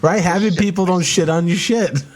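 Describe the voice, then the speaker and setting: A man's voice: high voice, slight background noise. A man co-hosting a podcast, riffing jokes and crude banter in casual chat. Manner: quick riffing banter, profane, laughs often. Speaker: podcast co-host.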